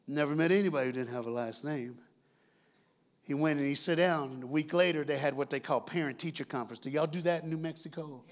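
A man's voice: fairly high pitch, fast. A male pastor telling a story in a sermon, joking and talking back and forth with the congregation. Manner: lively, jokes with the congregation. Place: church sanctuary.

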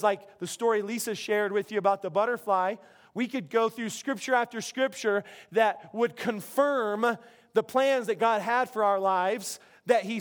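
Male pastor, middle-aged, high voice, casual animated sermon delivery. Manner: conversational, animated, self-interrupting preacher.

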